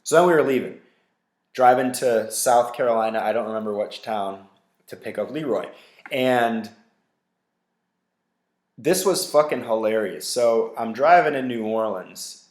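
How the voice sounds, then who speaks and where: A man hosting a podcast, telling a story casually in a loose, profane, animated way with lots of fillers. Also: mid-range voice, unhurried, long pauses. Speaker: podcast host. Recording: roomy echo.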